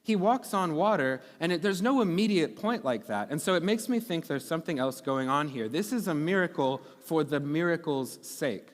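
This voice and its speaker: A man's voice: a little high, lively intonation, moderate pace, few pauses, in a large hall. A man preaching a sermon in a conversational, teaching way, often checking in with the congregation. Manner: conversational teaching with frequent okay and right checks. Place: church sanctuary.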